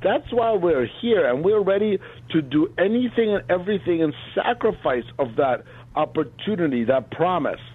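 A man's voice: high-pitched, animated, moderate pace, husky. A man speaking fervently and emphatically in heated political talk as a guest on the line. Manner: fervent, emphatic rally-style delivery. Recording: tinny phone line.

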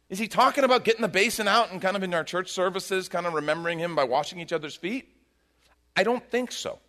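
Lively, bright-voiced male pastor preaching. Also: a little high, moderate pace. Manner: expressive preaching, acts out quoted voices. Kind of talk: sermon.

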